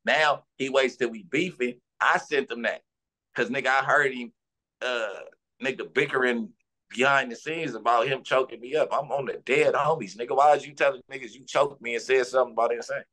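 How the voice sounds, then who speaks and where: Heated, animated man in an interview. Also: medium pitch, fairly quick. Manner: animated, profane, insistent street slang. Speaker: interview guest.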